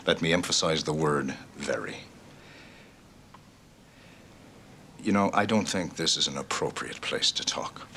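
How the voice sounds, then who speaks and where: A man's voice: lowish voice, bright, forceful tone. An actor playing a suave, secretive male agent with a sly, teasing way of talking, in a television drama. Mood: guarded. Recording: noisy TV soundtrack.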